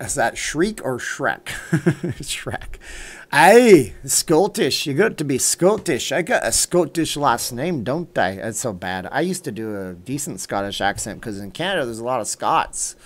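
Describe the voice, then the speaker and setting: Middle-aged male livestream host, rambling and chatty, mid-pitched everyday voice. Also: bright, forceful tone. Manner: rambling, chatty, reads out viewer names and answers chat; earnest pep talk. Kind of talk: casual livestream chat.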